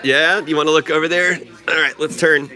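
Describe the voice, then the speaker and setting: A man in his thirties hosting a family livestream from home, talking to his young daughter and viewers in an exclamatory, sing-song way with frequent high leaps. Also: fairly even intonation, a little fast, sharp tone. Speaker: vlogger dad hosting a livestream. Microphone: phone camera.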